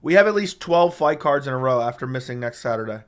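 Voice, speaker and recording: A man's voice: mid-range voice, animated, quick pace. Guy streaming w a sore scratchy throat, swears a lot, reads chat and roasts ppl, close studio mic. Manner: blunt and profane, trash-talking with chat. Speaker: live streamer. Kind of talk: casual live-stream chat reading viewer comments. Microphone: studio dynamic microphone.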